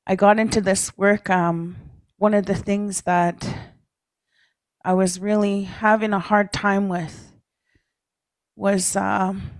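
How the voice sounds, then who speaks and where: Gravelly-voiced woman telling a personal story. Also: medium pitch, takes it slowly, no room sound. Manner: relaxed storytelling with frequent "hey?" and "eh?" tags; frequent throat clearing. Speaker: speaker at a First Nations leaders' caucus. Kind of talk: personal talk to a meeting. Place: meeting room.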